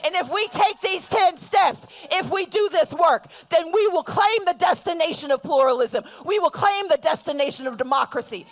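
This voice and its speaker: A woman addressing an outdoor protest rally, building from steady argument to shouted call-and-response refrains. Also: very high-pitched, normal speed, few pauses. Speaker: rally speaker.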